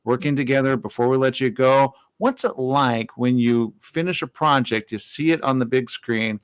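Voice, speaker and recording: A man's voice: mid-range voice, steady tone, moderate pace, clean tone. A man hosting an interview over a video call, chatty and playful with his guests. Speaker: interview host. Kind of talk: casual interview chat.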